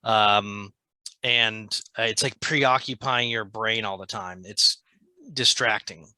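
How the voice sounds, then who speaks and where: A man's voice: lowish voice, steady tone, takes it slowly, bright, forceful tone, no room sound. A man co-hosting a podcast in casual, joking banter, swearing freely and throwing in mocking asides. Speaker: podcast co-host.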